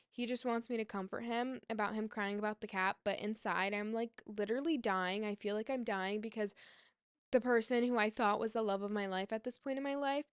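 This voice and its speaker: A young female vlogger recounts a personal story in a chatty, often exasperated and emphatic way, filled with "like" and "um." Her mid-range voice is clean, studio-quality, and free of echo.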